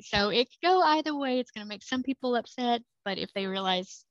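A woman's voice: fairly high pitch, no echo. Chatty woman author on a muffled line. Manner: chatty, many fillers and quick laughs. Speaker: author guest. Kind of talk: casual podcast interview. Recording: dry, slightly muffled remote mic.

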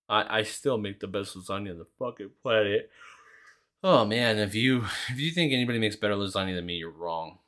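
Young male podcast host, low voice with a bright, pushy edge, casual and sweary. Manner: rambling, heavy swearing, lots of fillers. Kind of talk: casual solo chat.

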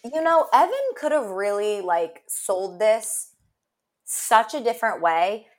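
A woman co-hosting a podcast in casual chat, reacting with quick supportive interjections. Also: mid-range voice, expressive. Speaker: podcast co-host.

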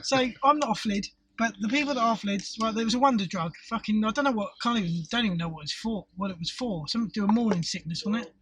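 A man's voice: sits high, fast, few pauses, far from the mic, background noise. A middle-aged Englishman telling crude, sweary stories and laughing in casual chat, recorded in a parked car. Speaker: podcast co-host.

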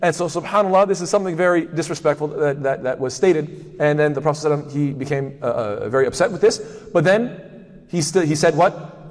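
Fast-talking man teaching in a reverberant hall. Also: fairly high pitch. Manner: asks himself rhetorical questions ("what?"); frequent doubled fillers and restarts. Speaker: Islamic studies teacher. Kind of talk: lecture on hadith.

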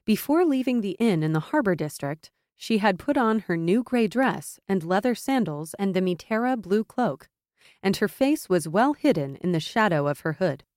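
Lady reading a fantasy audiobook, steady expressive telling, dead dry mic. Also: medium pitch, moderate pace, no room sound. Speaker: audiobook narrator. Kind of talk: scripted narration.

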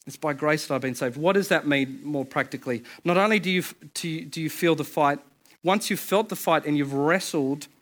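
A man, a pastor in his thirties, preaching a sermon in a conversational, storytelling way with quick asides and restarts. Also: fairly high pitch, a bit bright.

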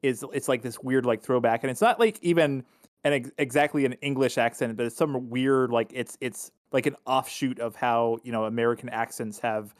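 A man's voice: mid-range voice, normal speed, no room sound, clean studio sound. A man co-hosting a podcast, chatting casually about films in a rambling way full of "like" fillers. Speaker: podcast co-host. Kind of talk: casual film discussion.

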